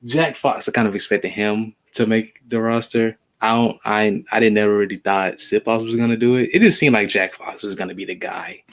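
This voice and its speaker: Brief: male sports podcast co-host, lowish voice, relaxed, matter-of-fact takes. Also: brisk, hardly any pauses. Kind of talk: casual sports podcast chat.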